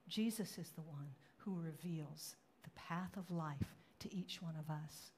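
A woman pastor preaching a sermon, moving between relaxed storytelling and dramatic, loud acted-out quotes. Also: a little slow, hardly any pauses, slight background noise. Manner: dramatic, acts out quotes with rising pitch and volume; conversational storytelling with fillers.

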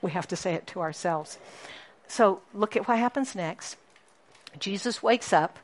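A woman preaching a sermon to a congregation, animated and emphatic, often asking the listeners questions and repeating key lines. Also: mid-range voice, unhurried. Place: church congregation.

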